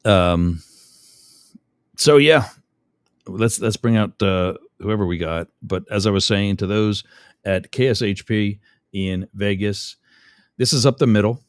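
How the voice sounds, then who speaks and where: A man's voice: fairly low pitch, unhurried, pauses often, no room sound. A middle-aged man hosting a radio talk show, rambling and chatty, often interrupting himself with fillers.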